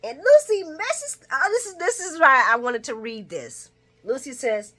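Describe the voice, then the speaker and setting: Bright-voiced chatty woman recapping. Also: big pitch swings, measured pace. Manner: chatty, laughs often, acts out characters' lines in a higher voice. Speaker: soap opera recap vlogger. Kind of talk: casual chat recap.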